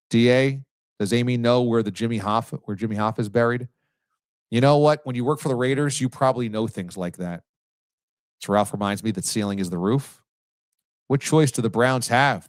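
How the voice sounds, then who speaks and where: A man's voice: fairly low pitch, no echo. A man hosting a live sports talk stream in a loose, joking way, reading out viewer comments. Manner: jokey, reads viewer comments aloud. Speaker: show host.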